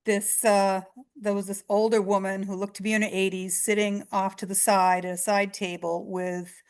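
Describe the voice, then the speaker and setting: A middle-aged woman, a psychic medium, chattily recounting her early readings in an interview, hoarse and losing her voice. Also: mid-range voice, little pitch movement, normal speed. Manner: chatty, retells exchanges with quoted voices. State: losing her voice, clearing throat. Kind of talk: storytelling in an interview.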